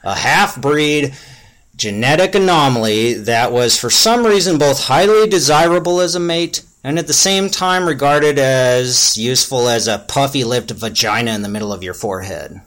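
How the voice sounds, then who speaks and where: A man reading a crude comic fantasy story aloud in a deadpan, mock-epic way. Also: medium pitch, normal speed. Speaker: story reader.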